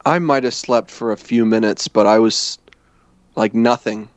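A man's voice: on the low side, fairly even intonation, measured pace, dry recording. A man talks his way through a travel mishap, circling back and restarting his sentences as he goes. The sound is dry and close, with no room around it. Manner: rambling, self-correcting storytelling. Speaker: storyteller in a chat. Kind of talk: casual chat.

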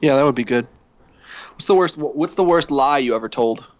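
A young man co-hosting a casual podcast, reading listener emails in a blunt, halting way with casual swearing. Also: medium pitch, dry recording. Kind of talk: casual chat.

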